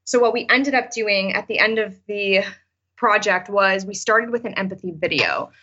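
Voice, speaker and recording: A woman's voice: medium pitch, normal speed, pushed and bright, husky, dull audio. A woman teacher talking casually in an interview, with many fillers and restarts. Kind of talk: interview answers, storytelling.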